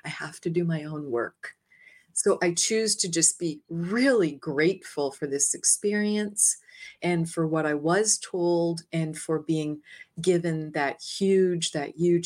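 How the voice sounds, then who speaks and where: A woman guest in an interview, telling a personal story in a lively way, laughing lightly between phrases and acting out her own past words. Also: low voice, measured pace. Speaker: interview guest, energy healer.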